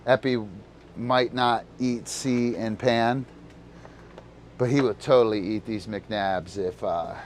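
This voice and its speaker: A slow-talking laid-back dog trainer man. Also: medium pitch, fairly even intonation, a little hiss or hum. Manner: rambling, full of fillers, talks to his dog between explanations. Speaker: disc dog trainer hosting a live stream. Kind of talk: casual live-stream coaching.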